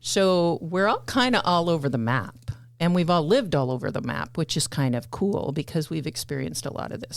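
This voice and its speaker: An American woman with a low voice hosts a casual podcast chat. She rambles a little and leans on fillers as she talks. The sound is close and dry. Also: gravelly, no echo. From United States. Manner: chatty, rambling with many fillers. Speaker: podcast host.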